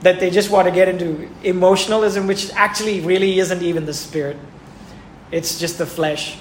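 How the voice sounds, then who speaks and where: A man's voice: high voice, steady tone, normal speed. A man preaching a sermon who asks his listeners questions and repeats words for emphasis. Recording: echoey room with faint ambient noise.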